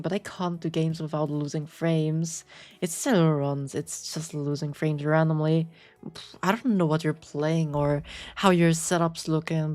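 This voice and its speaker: A woman's voice: low voice, a little mellow. A woman with a slight German accent, streaming casually and chatting with viewers in a playful, rambling way. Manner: playful, rambling, answers chat with quick squeals and laughs. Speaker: VTuber streamer. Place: home apartment.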